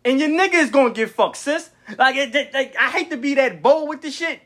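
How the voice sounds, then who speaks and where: A young man hosting a podcast, telling stories in a blunt, profane, animated way. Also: extremely high pitch, brisk. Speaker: podcast host. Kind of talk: casual storytelling monologue.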